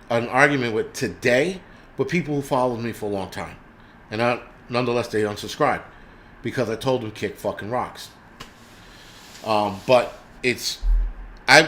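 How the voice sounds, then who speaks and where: A man's voice: medium pitch, a bit bright, a little hiss or hum. Blunt, profane man ranting on a livestream. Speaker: livestream host. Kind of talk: casual livestream rant.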